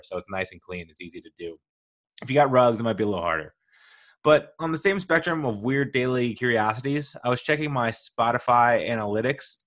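A man's voice: mid-range voice, a bit bright. A young man hosting his own podcast, talking in a playful, self-mocking way with rambling asides. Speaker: podcast host. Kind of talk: casual solo podcast monologue.

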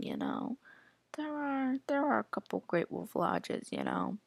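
A woman's voice: high-pitched, animated, measured pace, vocal fry, husky, no echo. A woman hosting a casual solo podcast, rambling and chatty, full of "like" and reacting aloud to what she scrolls through. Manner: rambling, chatty, heavy use of filler "like". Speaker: podcast host.

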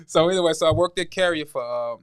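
Fast-talking storytelling man. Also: on the high side, clear, resonant tone. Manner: laid-back, drawn-out storytelling with many asides. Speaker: firefighter guest. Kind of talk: casual storytelling.

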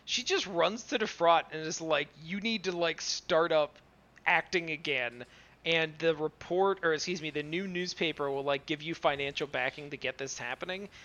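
A man's voice: fairly high pitch, moderate pace, pushed and bright. Sarcastic man recapping an anime, lo-fi. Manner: rambling, sarcastic, swears freely. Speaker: podcast co-host. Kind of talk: casual anime review chat. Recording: dull lo-fi sound.

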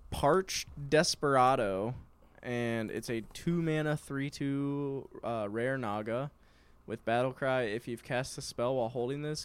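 A man's voice: medium pitch, clean tone. A man co-hosting a podcast in casual chat, often hesitant and trailing off. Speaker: podcast co-host. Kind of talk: casual card-review chat.

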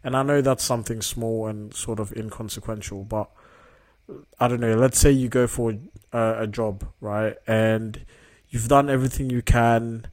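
A man's voice: medium pitch, steady tone, moderate pace, a little mellow. Young man musing, checking in with "yeah?". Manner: reflective, frequent "yeah?" tag questions. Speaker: podcast host. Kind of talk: casual solo podcast monologue.

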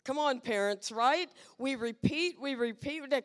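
Slow, playful woman preaching. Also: high voice, big-room sound. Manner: playful, asks the congregation questions. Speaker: guest preacher. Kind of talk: lively sermon. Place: church sanctuary.

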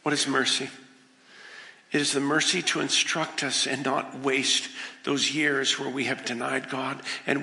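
A man preaching with fervor from the pulpit, his voice gravelly and piercingly bright. He plays out scenes with humor and drops from loud to hushed. A long church-hall reverb trails his words. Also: on the high side. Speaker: pastor. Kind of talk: sermon. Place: church sanctuary.

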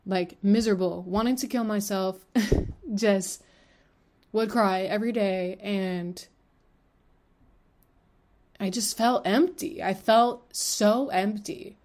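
A woman in her twenties hosts a solo podcast at an unhurried pace. Her talk is candid and rambling, full of fillers and casual swearing, and her pitch sits in a middle range. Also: steady tone, a little mellow. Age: 20s. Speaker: podcast host.

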